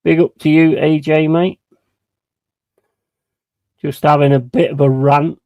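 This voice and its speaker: A frustrated, heavily swearing man does live watch-along commentary of a match, ranting while he banters with chat and gives shout-outs. His voice is a little high and flat, his pace unhurried. The lo-fi recording is dry and close, with no room sound.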